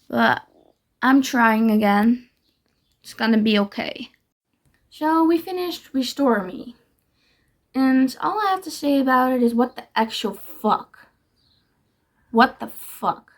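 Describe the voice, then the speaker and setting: Slow-talking young woman, gravelly voice. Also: a little high. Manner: gushing, animated, giggly. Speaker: book vlogger. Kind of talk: casual reading vlog.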